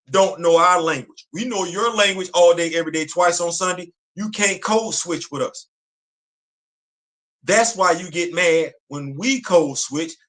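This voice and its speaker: Male live-stream host, bright edgy tone, emphatic ranting commentary. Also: a little high. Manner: emphatic, repetitive, street slang and rhetorical questions. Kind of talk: impassioned commentary. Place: home studio on a live stream.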